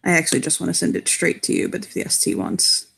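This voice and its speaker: A woman's voice: fairly low pitch, very animated, fast, creaky, a bit bright, slight background noise. A woman narrating her character's actions in a tabletop game, in a casual, descriptive way. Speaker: player.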